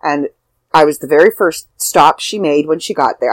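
A woman's voice: low voice, normal speed, no echo, rough recording. An older woman, an author, telling a heartfelt personal story in a casual, rambling way with fillers and restarts.

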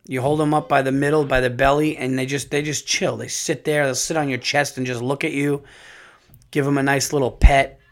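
A man hosting a comedy podcast, telling family stories in a rambling, animated way with some profanity. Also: medium pitch, fairly quick. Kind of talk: casual comic monologue.

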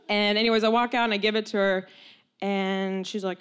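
A young woman telling a long personal story, animated and laughing often, with many "like"s and quoted voices. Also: medium pitch, brisk, clear, resonant tone.

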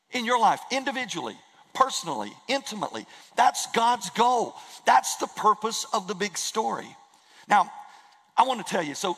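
A man's voice: sits high, fairly bright tone, big-room sound, poor audio. A man preaching a sermon in a church, earnest and emphatic, repeating key phrases for weight. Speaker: pastor. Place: church sanctuary.

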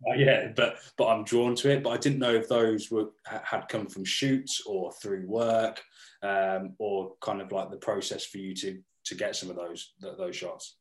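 A man hosting a casual interview, talking in halting starts and restarts while he pays compliments. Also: fairly low pitch, flat delivery, a little hiss or hum. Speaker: podcast host. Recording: roomy echo.

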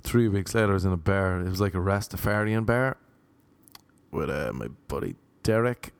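A man's voice: deep voice, lively intonation, moderate pace, gravelly, clean tone, dry recording. A young Irish man telling a rambling, self-mocking anecdote in casual chat, slipping into voices for the people he quotes. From Ireland. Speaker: storyteller.

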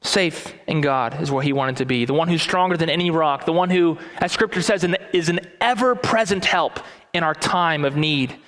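High-voiced preaching man in a reverberant hall. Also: fairly bright tone. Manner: earnest expository preaching, slows for emphasis. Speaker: pastor. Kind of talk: sermon. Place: church sanctuary.

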